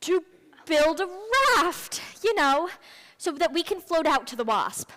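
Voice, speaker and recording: A woman's voice: high voice, animated, unhurried, a bit bright, in a large hall. A young woman actor on a school stage playing a boy who bossily takes charge of a lost group. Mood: bossy. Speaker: student actor. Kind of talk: stage play acting. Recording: stage voice with music behind.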